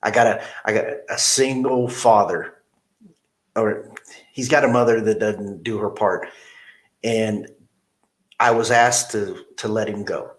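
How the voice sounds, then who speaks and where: In an interview, a middle-aged man who manages a car dealership recounts a story in a lowish voice, speaking at a measured pace and pausing often. He's an animated storyteller who performs the quoted lines.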